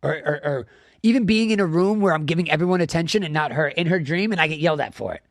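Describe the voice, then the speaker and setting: A man in his thirties co-hosts a rowdy live comedy show, telling stories in a rapid stream and swearing freely. His voice sits a bit high for a man. The sound is dry and close to the mic. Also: dry recording. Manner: animated, swearing, laughing often. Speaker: podcast co-host. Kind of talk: casual comedic storytelling.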